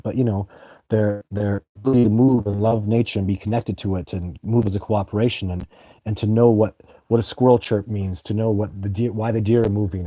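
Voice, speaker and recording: A man with a lowish, mellow voice rambles eagerly through viewer comments on a live stream. He swears casually and laughs often, and the sound is dry and close. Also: no room sound.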